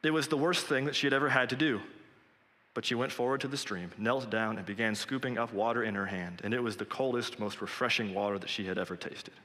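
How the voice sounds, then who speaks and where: A man's voice: medium pitch, fairly even intonation, fast talker, bright, forceful tone, in a large hall. A man preaching a sermon in an earnest, direct and conversational way, speaking straight to his listeners.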